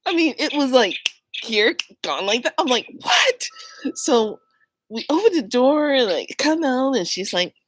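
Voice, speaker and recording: A woman telling a personal story in a casual, animated way, often laughing and acting out what people said. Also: fairly high pitch, unhurried, slight background noise, low-quality recording. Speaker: vlogger.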